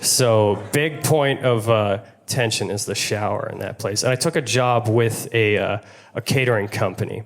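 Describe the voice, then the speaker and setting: A young man from Pittsburgh doing a stand-up comedy set, wry and deadpan. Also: fairly low pitch, moderate pace. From Pittsburgh, USA.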